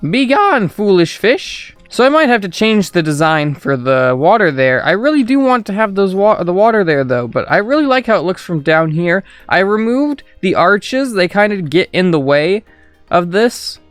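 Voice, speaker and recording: A young man talks through his game in a loose, joking way, chatting with his viewers. His voice sits fairly high and sounds smooth and clean. Faint game music plays under him. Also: sing-song, normal speed, no echo. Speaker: gaming streamer. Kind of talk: casual gameplay commentary.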